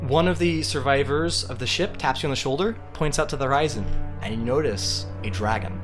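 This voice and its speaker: A man's voice: medium pitch, a little fast, music in the background. A young man narrating a tabletop game as game master, casual with frequent fillers.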